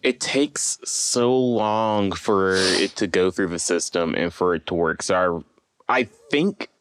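Low-voiced wry podcast co-host. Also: male voice, slow, a bit bright, dry recording. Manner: wry, teasing. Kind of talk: casual chat.

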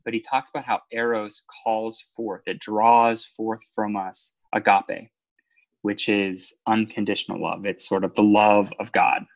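Earnest, lower-voiced podcast man. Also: level tone, a little slow, gravelly. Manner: earnest, explains ideas in a teaching tone. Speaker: podcast co-host. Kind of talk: casual faith discussion.

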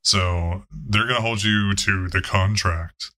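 A man running a tabletop game as game master, talking casually and halting often, with some swearing. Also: lowish voice, fairly even intonation, bright, forceful tone.

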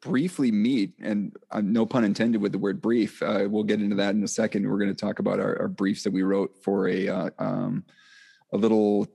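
A man's voice: fairly low pitch, little pitch movement, moderate pace, vocal fry, dark tone, husky, dry recording. Man, podcast host, casual rambling talk, dry close sound. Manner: loose, rambling, with many fillers and restarts.

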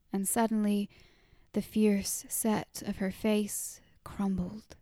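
A woman reads a story as a whispered role-play, keeping her voice a soft, breathy hush. She takes her time over every phrase, her tone dark and mellow. The sound is close and dry. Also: medium pitch, no room sound. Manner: soft unvoiced whisper, slow and hushed. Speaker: narrator.

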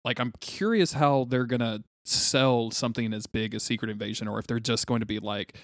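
A man co-hosting a podcast in casual chat, telling stories in an animated way and acting out what others said. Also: medium pitch, brisk, dry recording, clean studio sound. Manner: animated storytelling, acting out quotes. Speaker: podcast co-host.

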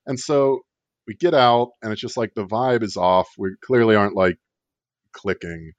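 Low-voiced man telling a wry story. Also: normal speed, no room sound. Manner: rambling, wry, full of filler words. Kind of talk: casual comedic storytelling. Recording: dull lo-fi dry sound.

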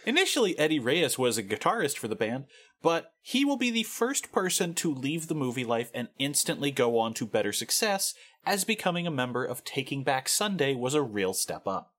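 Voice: mid-range voice, sing-song, normal speed, a bit bright. A podcast co-host in casual chat, telling band history with dry, sarcastic asides. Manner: dry sarcastic asides, laughs at own jokes.

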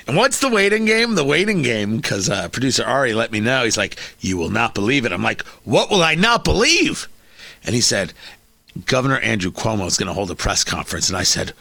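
A man's voice: medium pitch, very animated, brisk, vocal fry, bright, forceful tone, no echo. A man hosting a talk radio show, delivering an opinionated monologue with sarcastic, mocking asides.

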